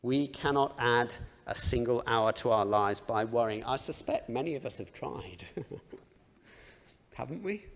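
A man's voice: medium pitch, expressive, measured pace. A man preaching a sermon in a conversational, self-deprecating way, often asking the listeners rhetorical questions. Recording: long reverb of a large hall.

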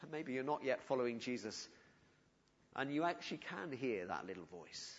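A man preaching a sermon in earnest, pleading tones, often dropping to a soft, quiet voice. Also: medium pitch, big pitch swings, unhurried, pauses often, breathy edge. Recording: dull audio with long hall reverb.

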